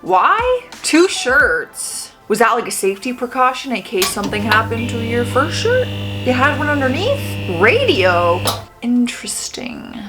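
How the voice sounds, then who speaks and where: A woman in her twenties chatting casually as she reacts to clips, animated and laughing often. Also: fairly high pitch, a little slow, over music.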